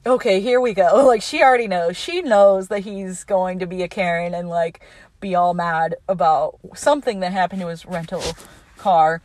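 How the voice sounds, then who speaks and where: A young adult woman casually recapping a movie scene by scene, in a chatty, animated way with plenty of fillers. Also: on the low side, normal speed.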